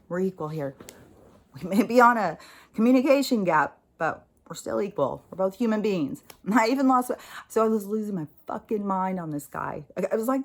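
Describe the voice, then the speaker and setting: Profane, fired-up American woman ranting. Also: medium pitch. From United States. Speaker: spiritual vlogger. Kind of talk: casual spoken monologue.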